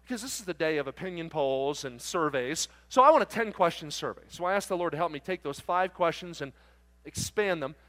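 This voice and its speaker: A male preacher with a high voice tells an animated story from the pulpit, playing out the talk between the people in it. His voice carries a long reverb through a large church. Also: a little fast. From South Jersey, near Philadelphia. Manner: animated storyteller acting out dialogue. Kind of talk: storytelling sermon.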